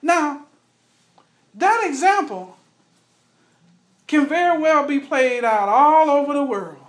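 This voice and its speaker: A high-pitched man leads a Bible study in an earnest, conversational tone. He often turns to the group with questions. The recording has an echoey room sound. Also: lively intonation, slow.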